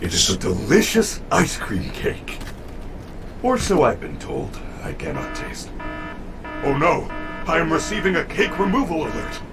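Polite animatronic robot bear. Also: male voice, fairly high pitch, big pitch swings. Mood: cheerful. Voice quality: formal, measured, precise diction. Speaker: game character. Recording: game audio with music behind.

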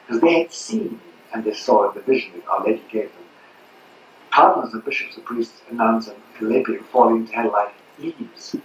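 A man's voice: medium pitch, brisk, a little hiss or hum. Older male lecturer, emphatic with rhetorical questions, heard distant and muffled in a roomy hall. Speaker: speaker at a public talk. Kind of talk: impassioned lecture to an audience. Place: hall at a 1992 public talk. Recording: roomy, distant, muffled old audience recording.

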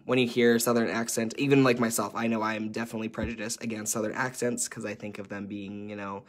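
A man facilitating a workshop, explaining a chart in a conversational way with frequent ums and uhs. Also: medium pitch.

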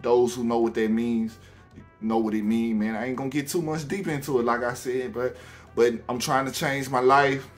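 A young man from Alabama with a Southern accent, talking casually to camera on his own channel, halting with many ums and restarts, faint music behind. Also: mid-range voice, fairly even intonation. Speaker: YouTuber.

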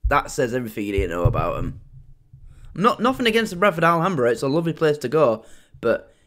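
A reaction video host, commenting in an animated, chatty way and laughing often. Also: mid-range voice, fast.

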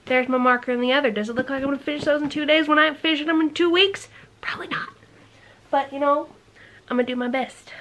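A woman vlogging to camera in a casual chat, talking quickly and energetically, teasing with rhetorical questions and sometimes dropping into soft, near-whispered asides. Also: a little high, low-quality recording. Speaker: book vlogger.

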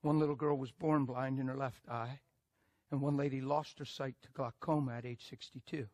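A male preacher telling a story in a sermon, animated and emphatic, moving between loud bursts and hushed asides. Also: mid-range voice, normal speed, dry recording.

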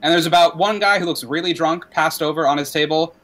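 Higher-voiced man running a tabletop game. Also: fairly quick, pushed and bright. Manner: loose, rambling descriptions with restarts. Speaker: game master.

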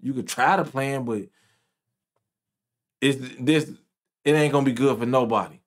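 A man's voice: mid-range voice, moderate pace. Profane, ranting man reacting to clips. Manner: loud, profane, repeating himself. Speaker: commentator.

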